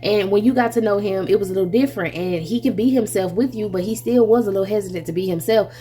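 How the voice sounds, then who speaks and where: A woman giving a casual tarot reading, animated and chatty, who laughs often, swears freely and calls the listener baby and honey. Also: medium pitch, fast, slight background noise. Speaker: tarot reader.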